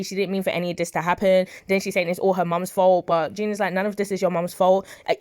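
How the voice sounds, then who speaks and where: A woman's voice: on the low side, darkish tone, no room sound. A woman recapping soap opera episodes in a casual, chatty way, often talking back to the characters.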